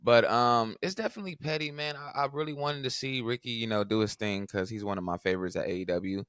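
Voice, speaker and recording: A man co-hosting a podcast in a relaxed, slangy, offhand casual chat. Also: mid-range voice, fast, smooth, no room sound, studio quality. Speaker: podcast co-host.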